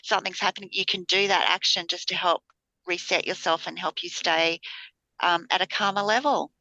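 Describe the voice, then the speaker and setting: A woman's voice: on the low side, fairly even intonation, moderate pace, bright, forceful tone, no echo, lo-fi sound. A woman co-hosting a spiritual podcast, talking casually with lots of fillers and restarts. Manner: rambling, many fillers and restarts. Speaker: podcast co-host, spiritual healer. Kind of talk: casual chat.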